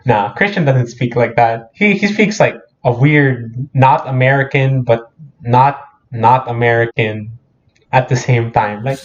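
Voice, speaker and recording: A man's voice: mid-range voice, measured pace. A young man from the Philippines, co-hosting a casual podcast with friends, laughing often and joking in mock accents. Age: young adult. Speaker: podcast co-host. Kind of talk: casual chat between friends. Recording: dull lo-fi audio.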